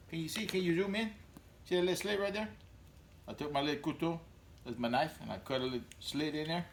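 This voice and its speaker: A man's voice: sits high, brisk, long pauses, echoey room, a little hiss or hum. A man hosting a casual home cooking demonstration, talking in a folksy, rambling way with many fillers. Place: home kitchen.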